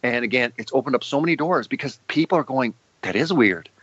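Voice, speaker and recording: A man, a guest filmmaker, talking in a casual interview and telling animated stories with quoted exchanges. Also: mid-range voice, husky, no echo, dull audio. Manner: fast, animated storytelling with acted quotes.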